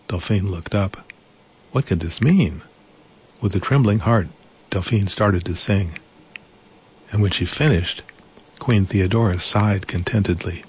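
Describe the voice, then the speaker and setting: A man reading a children's storybook aloud in a gentle, unhurried way, adding small asides. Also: low voice, breathy edge.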